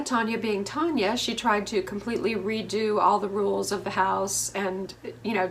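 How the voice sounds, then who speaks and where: A woman's voice: mid-range voice, slight background noise. A middle-aged woman from the United States hosting a casual TV recap, chatty and opinionated with lots of fillers. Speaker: host.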